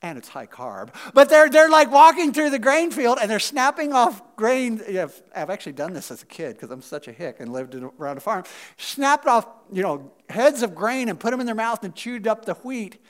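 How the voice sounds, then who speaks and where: A pastor giving a casual, conversational sermon. His delivery is animated and swings from loud emphasis to quiet asides. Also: very high voice, normal speed. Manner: chatty, with fillers and asides.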